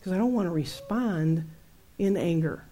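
Middle-aged woman, warm low voice, chatty faith teacher who laughs and acts out stories. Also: normal speed, slightly rough. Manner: animated, laughs often, acts out her own outbursts. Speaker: Christian teacher. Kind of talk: conversational Bible teaching.

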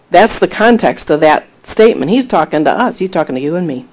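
A man preaching a sermon, retelling scripture with emphatic, animated delivery and acted-out quotes. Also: high voice, brisk, hardly any pauses, rough recording. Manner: animated storytelling, acting out quoted voices; emphatic, rising to exhortation.

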